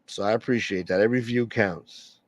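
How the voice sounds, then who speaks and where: A man's voice: lowish voice, steady tone, fairly quick, no echo. A man hosting a late-night livestream and rambling bluntly through strong opinions in casual chat. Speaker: livestream host.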